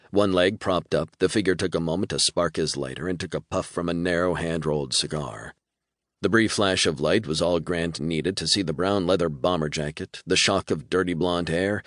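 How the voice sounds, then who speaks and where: A man narrating an audiobook in a measured, storytelling manner. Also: low-pitched, fairly bright tone, dry recording, clean studio sound. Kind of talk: scripted narration.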